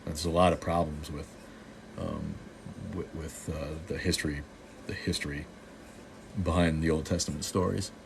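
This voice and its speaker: A man with a very low, deep voice hosting a casual livestream and answering chat as it comes in. He rambles in a sardonic way and keeps restarting his sentences, with faint noise behind him. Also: little pitch movement, moderate pace, creaky, long pauses. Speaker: show host.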